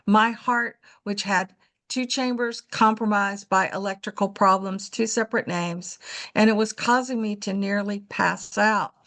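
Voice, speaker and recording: A woman's voice: medium pitch, fairly even intonation, unhurried, fairly bright tone. A woman on a video call earnestly telling a personal story as a webinar participant. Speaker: webinar participant sharing a testimonial.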